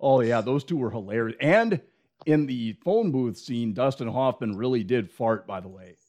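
A man's voice: medium pitch, lively intonation, moderate pace, a little mellow. A man co-hosting a casual podcast chat, retelling movie scenes with quoted lines and laughter. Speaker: podcast co-host.

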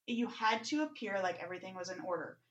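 A woman's voice: mid-range voice, lively intonation, fast, a bit bright, muffled recording. A woman co-hosting a casual podcast in a mid-range voice. She talks bluntly and outspokenly, swearing casually as she makes her points. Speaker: podcast co-host.

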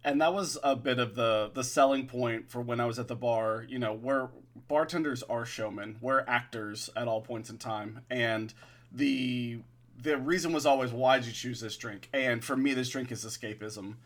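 A man's voice: medium pitch, normal speed, a bit bright. A man who works as a bartender, a guest on a podcast, telling an easygoing story in casual chat.

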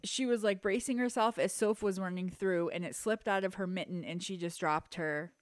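A woman's voice: medium pitch, steady tone, moderate pace, no room sound, studio quality. A young adult woman co-hosting a podcast, chatting casually and acting out quoted lines as she tells a story. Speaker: podcast co-host. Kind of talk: casual chat.

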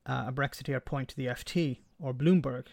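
A man's voice: medium pitch, normal speed, gravelly, darkish tone, dry recording. A man co-hosting a political discussion, explaining his points step by step and repeating words as he thinks. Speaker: podcast co-host. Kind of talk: casual political chat.

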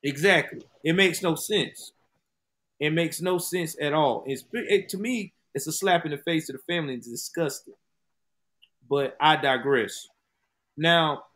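A man's voice: fairly high pitch, fairly bright tone. A man hosting a true-crime interview podcast, talking emphatically and straight to his listeners. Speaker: host.

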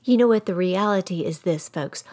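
A middle-aged woman with a Texan accent, a grandmother and podcast host, telling a folksy story straight to her listeners in an animated way. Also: lowish voice, moderate pace. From Texas. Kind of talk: storytelling monologue.

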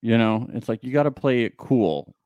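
A man's voice: mid-range voice, animated, normal speed, a little mellow, no room sound, dull audio. A man co-hosting a casual podcast chat, sarcastic, often mimicking other people in mock voices. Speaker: podcast co-host. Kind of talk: casual chat recapping a reality show.

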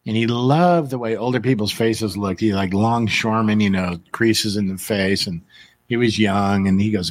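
A man's voice: fairly low pitch, moderate pace. A man hosting a casual live show, teasing his guests and laughing often. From San Diego. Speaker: show host.

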